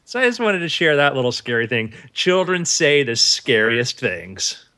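A man in his thirties co-hosting a podcast, telling stories in a lively way and acting out the quotes. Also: mid-range voice, normal speed. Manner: animated storyteller who acts out quotes. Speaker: podcast co-host. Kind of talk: casual storytelling chat.

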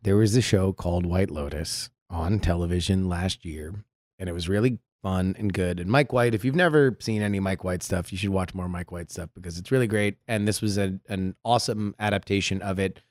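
A man's voice: low voice, brisk, a little mellow, no echo. A man co-hosting a podcast, chatting casually with playful banter and enthusiastic recommendations. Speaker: podcast co-host. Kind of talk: casual comedic chat.

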